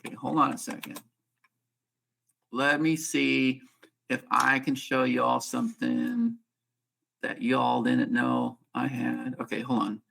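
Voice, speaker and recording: A man's voice: mid-range voice, little pitch movement, takes it slowly, gravelly, long pauses, a bit bright, slight background noise. A man hosting a training call on a video link, casual and joking, teasing a participant in a folksy way. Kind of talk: casual teaching on a group call.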